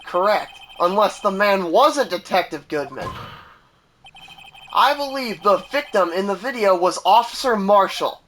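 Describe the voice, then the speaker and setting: A man's voice: high-pitched, animated, fairly bright tone, a little hiss or hum. Man reading a confident young lawyer. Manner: measured, declarative reading. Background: game music.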